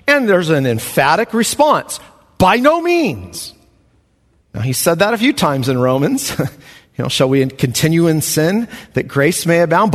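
A man preaching a Bible study sermon, emphatic and animated, chuckling between points. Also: fairly high pitch. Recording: long hall reverb.

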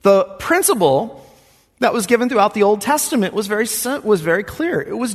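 Husky, animated preacher in a hall. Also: male voice, high voice, a little fast. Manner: earnest, conversational preaching with dramatic quoted voices. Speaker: pastor. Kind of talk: sermon.

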